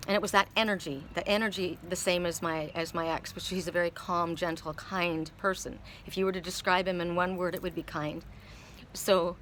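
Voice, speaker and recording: This tarot card reader, a middle-aged woman, rambles emotionally through a personal anecdote with lots of repetition. She speaks on the low side with a slightly bright tone, over a faint hiss or hum.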